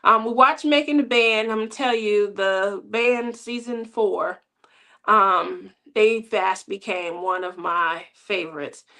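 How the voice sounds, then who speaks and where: A woman's voice: mid-range voice, slow pace, bright, forceful tone. A middle-aged woman hosting a crafting channel, chatting casually with viewers in a rambling way and laughing often.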